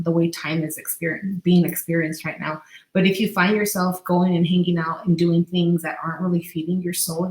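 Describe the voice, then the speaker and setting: A woman's voice: lowish voice, gravelly. A woman co-hosting a casual spiritual podcast, telling stories with animation and acting out the voices she quotes. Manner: animated storyteller who acts out quoted voices. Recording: echoey room.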